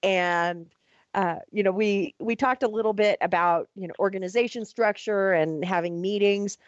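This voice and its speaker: A woman hosting a casual radio talk show, upbeat and quick to laugh. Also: mid-range voice, dry recording. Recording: muffled radio broadcast audio.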